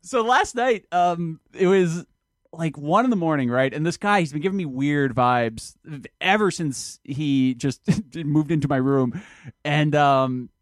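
A man's voice: a little high, unhurried, no echo, clean studio sound. A man with a Canadian accent, a comedian guest telling a rambling story and laughing as he goes. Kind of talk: casual comedy chat.

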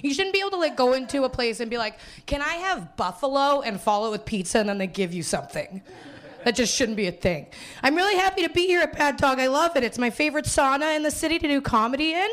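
A woman's voice: high-pitched, animated, fast, a bit bright. A young woman from Winnipeg performing a live stand-up set on a small theater stage, rambling and self-mocking, laughing through her lines. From Canada, Winnipeg. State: hungover. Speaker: stand-up comedian.

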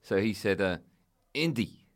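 A man's voice: sits low, moderate pace. A man hosting a casual podcast chat, telling stories in a playful, teasing way. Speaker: podcast host.

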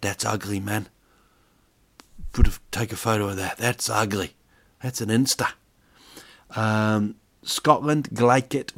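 Low-ish guy rambling and joking on his podcast, lots of ums. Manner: chatty, jokey, rambling with fillers. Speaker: podcast host. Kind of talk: casual monologue.

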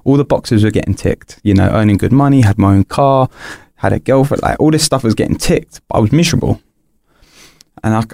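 A man's voice: on the low side, vocal fry, darkish tone, dry recording. A young man, a podcast guest, candidly telling a personal story in an earnest, rambling way, full of restarts and fillers.

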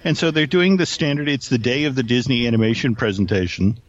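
A man's voice: medium pitch, fast talker, lo-fi sound. A man, a guest expert, telling long casual anecdotes full of fillers and restarts. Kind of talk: casual podcast storytelling.

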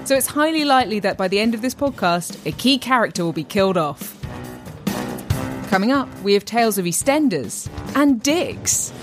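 A woman hosts a comedy podcast in a wry, playful voice. Music plays clearly under her. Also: mid-range voice, big pitch swings, normal speed. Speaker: podcast host. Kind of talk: scripted podcast introduction.

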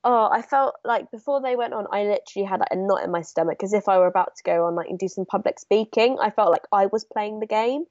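A woman co-hosting a casual chat, eager and animated as she tells her stories. Her voice comes through dry and a little muffled, as if over a remote connection. It carries no room sound at all. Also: medium pitch, fast, few pauses, no echo. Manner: enthusiastic, animated storytelling. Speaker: podcast co-host. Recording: dry, dull remote line.

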